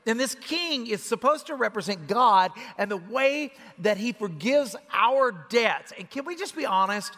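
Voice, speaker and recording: Brief: man, pastor, fairly high voice, dynamic sermon delivery, long hall echo. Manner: dynamic preaching, swinging from loud emphasis to hushed intensity. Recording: reverberant hall.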